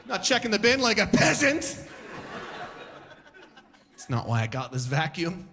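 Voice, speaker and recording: A man working a stand-up crowd from the stage, his voice pitched a bit high and swinging widely as he jumps into loud, shouted impressions. The delivery is animated and playful. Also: measured pace. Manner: animated, acts out shouted voices and sound effects. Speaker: stand-up comedian. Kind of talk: stand-up set. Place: stage before a live audience.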